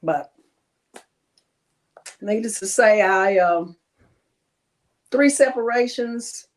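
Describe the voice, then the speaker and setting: A woman speaking as an interview guest, telling her story in a halting way with many pauses. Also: medium pitch. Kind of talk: personal interview testimony.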